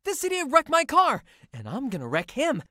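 A woman's voice: high voice, wildly swooping pitch, normal speed, bright, forceful tone, no echo, studio quality, exaggerated voice. A woman voicing a whiny, bratty twenty-two-year-old man-child who talks like a small child. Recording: music playing under the voice. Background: music.

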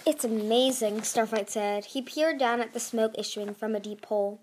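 A woman's voice: fairly high pitch, steady tone, moderate pace, background noise. Woman narrating a fantasy audiobook. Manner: reads with frequent slips and restarts. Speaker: audiobook reader.

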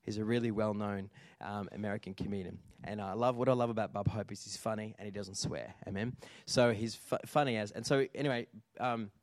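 Man preaching an animated sermon. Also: lowish voice, fairly quick, hardly any pauses, no room sound, clean studio sound. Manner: animated storytelling with audience call-outs. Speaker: pastor.

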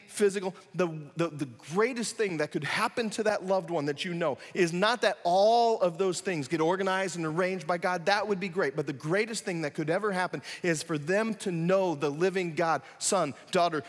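A man preaching a sermon, animated, acting out scenes with sudden loud excited bursts. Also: high voice, in a large hall. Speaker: pastor.

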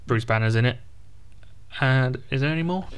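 A man chats casually as a podcast co-host, reading through a list and adding teasing asides. His voice is smooth and clean. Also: medium pitch, normal speed. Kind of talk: casual chat.

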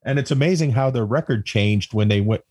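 A man's voice: mid-range voice, a little fast, darkish tone, breathy edge, no echo, clean studio sound. A man co-hosting a sports podcast, chatting casually and teasing his friend. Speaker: podcast co-host. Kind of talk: casual chat.

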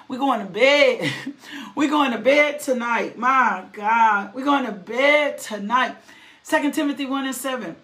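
A middle-aged woman preaches. Her voice sits slightly high, and she moves between reading scripture and animated call-outs to her listeners. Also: unhurried. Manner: animated, calls to the audience with "right?" and "come on now". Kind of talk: sermon.

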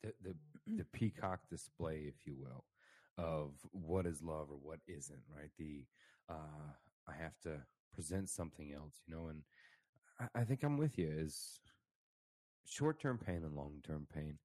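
A man in his thirties co-hosting a radio talk show, telling stories in a profane, animated way. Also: extremely low pitch, measured pace, no echo. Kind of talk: casual on-air chat.

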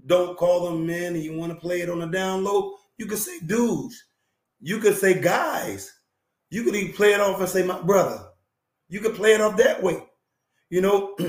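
In an echoey room, a man with a high voice hosts a talk show, preaching relationship advice emphatically, repeating phrases and frequently clearing his throat.

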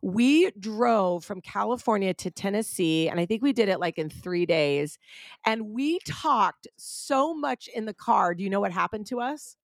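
A young adult woman hosts a podcast in a casual, chatty way and often turns to address her listeners directly. Her voice sits mid-pitch, and the recording is dry and close. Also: animated, measured pace, gravelly, dry recording. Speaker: podcast host. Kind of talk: casual chat.

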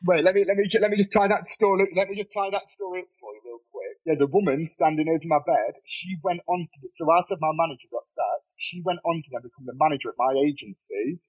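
A man telling a wild story as a podcast guest, animated and swearing freely, laughing as he goes. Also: on the high side, fast, few pauses, breathy edge, muffled recording. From Nottingham, England. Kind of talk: casual storytelling. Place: bedroom.

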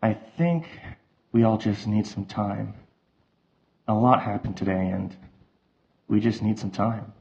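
A man voicing a weary young man who speaks gently and earnestly. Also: fairly low pitch, fairly even intonation, slow, gravelly, pauses often. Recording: slightly muffled.

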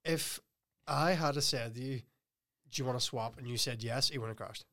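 A man's voice: medium pitch, moderate pace, a bit bright. A young man, co-hosting a podcast in casual chat, telling a story with laughs and quoted lines. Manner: storytelling, laughing, quoting others. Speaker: podcast co-host.

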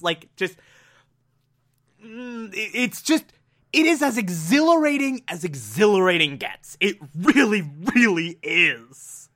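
A man recapping a TV episode with excitable, gushing enthusiasm, repeating words for emphasis and acting out quotes. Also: high-pitched. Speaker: TV episode reviewer.

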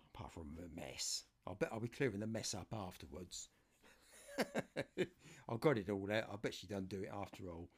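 Man, low gravelly voice, lively swings in pitch, rambling jokey home broadcast. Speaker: amateur radio show host. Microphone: new USB condenser mic.

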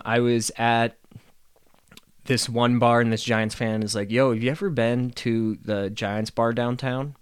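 A man's voice: mid-range voice, fairly bright tone, clean tone, no echo. Dry-voiced rambling man on a podcast. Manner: rambling, profane, laughs often. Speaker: podcast host. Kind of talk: casual solo podcast rant.

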